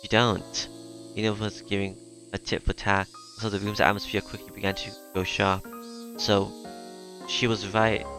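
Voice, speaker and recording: A man with a low, level voice reads a story aloud in the first person. He stumbles and restarts now and then. Soft music runs faintly underneath. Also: monotone. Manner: halting, with fillers and restarts. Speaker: narrator reading a visual novel.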